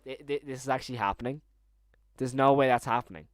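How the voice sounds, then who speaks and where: A young man streaming live, reacting excitedly and stammering through many restarts. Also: mid-range voice, fast, no echo, clean studio sound.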